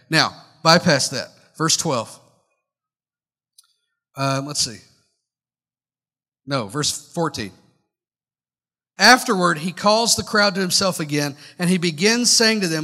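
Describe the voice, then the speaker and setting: Bright-voiced pastor preaching in a reverberant church. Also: male voice, fairly high pitch. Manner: conversational, questions the congregation directly; wry asides and humor. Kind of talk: sermon. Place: church sanctuary. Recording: long hall reverb from church sanctuary.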